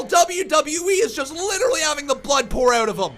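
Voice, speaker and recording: Man, live reaction streamer, furious rant, shouting, very bright tense voice. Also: very high-pitched, lively intonation, brisk, a little hiss or hum. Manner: furious ranting, shouting and swearing; repeats words in angry bursts.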